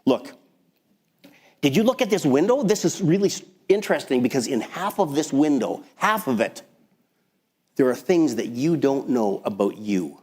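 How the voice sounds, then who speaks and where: A man preaching a sermon as pastor, talking in a conversational, animated way with frequent restarts. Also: medium pitch, moderate pace. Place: church sanctuary. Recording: long hall reverb.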